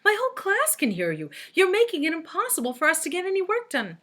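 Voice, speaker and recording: A woman's voice: extremely high pitch, huge pitch swings, quick pace, sharp tone, voice pushed up, heavily acted. A woman voicing a stern, strict female teacher in a storybook reading. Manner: stern, clipped.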